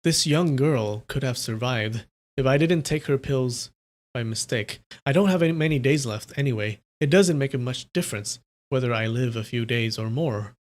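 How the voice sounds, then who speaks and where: A live-stream reader voicing a wounded young swordsman who speaks gently and with resignation. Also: medium pitch, natural voice. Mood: resigned. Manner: urging gently, quick and resigned. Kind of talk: live novel reading.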